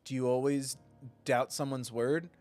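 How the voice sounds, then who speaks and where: A man playing a flirty disguised desert shopkeeper, soft and coy, game dialogue read aloud, voice in the middle register. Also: mid-range voice, steady tone, measured pace, soft background music, close to an everyday voice.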